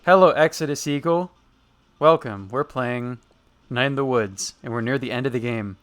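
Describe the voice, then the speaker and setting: A man's voice: mid-range voice, moderate pace, a bit bright. A man live-streaming a game, reading its lines aloud in two languages and translating them in a casual, amused chat.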